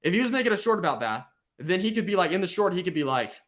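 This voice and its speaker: A man's voice: sits high, rapid-fire. A man hosting a casual chat, giving rambling advice full of fillers and restarts. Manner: rambling, filler-heavy, animated. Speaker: YouTube host giving channel advice.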